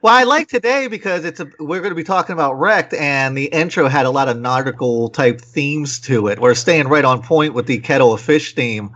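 A man's voice: on the high side, brisk, hardly any pauses, a bit bright. A man hosting a podcast in casual chat, making wry jokes, on a dull, lo-fi recording. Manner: joking, wry. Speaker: podcast host. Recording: dull lo-fi sound.

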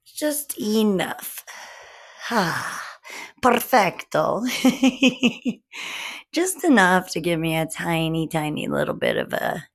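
A young woman hosting a casual livestream from home, greeting viewers by name with slow, drawn-out, giggly chatter into her phone. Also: sits low, sing-song. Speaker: livestream host.

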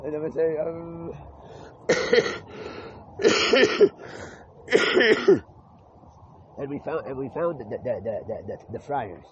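A man's voice: a little high, lively intonation, slow, pauses often. A man in a rambling spoken monologue who repeats words, restarts often and swears freely. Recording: muffled lo-fi with clear background noise.

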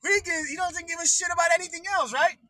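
High, sharp-voiced ranting man. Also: quick pace, dry recording, poor audio. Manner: swearing, laughing between lines, excitable. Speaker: livestream host. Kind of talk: profane political rant.

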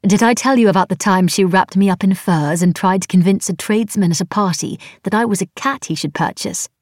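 A woman's voice: fairly low pitch, animated, moderate pace, gravelly, mellow, breathy edge, dry recording, studio quality, exaggerated voice. A woman reading a musing young noblewoman. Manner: musing, fond tone. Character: young noblewoman traveller, curious and warm. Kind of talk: audiobook character reading.

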